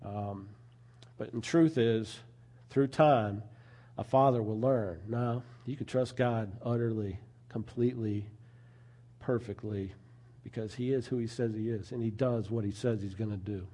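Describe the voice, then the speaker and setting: A man's voice: on the low side, measured pace, warm tone. A man preaching a sermon in an earnest, conversational way, often adding asides to his listeners.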